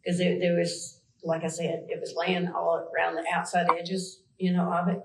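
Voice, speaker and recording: A woman's voice: on the low side, monotone, normal speed, vocal fry, echoey room, background noise. A woman with a Southern US accent, answering questions in a police interview, rambling and hesitant with many fillers.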